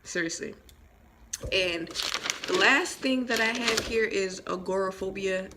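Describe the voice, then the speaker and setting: A woman's voice: medium pitch, measured pace, noisy background. A young woman vlogging at home, chatting casually and rambling, with lots of filler words and emphatic asides. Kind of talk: casual storytime chat.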